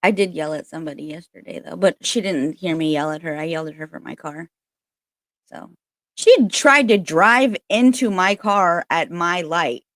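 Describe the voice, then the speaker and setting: A woman with a lowish voice talks in a loose, candid livestream chat, cursing freely and rambling between stories. The sound is dry and close, with no room echo, as she speaks from home. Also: moderate pace, a bit bright. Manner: candid, chatty and profane, with frequent laughs. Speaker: spiritual reader and channel host.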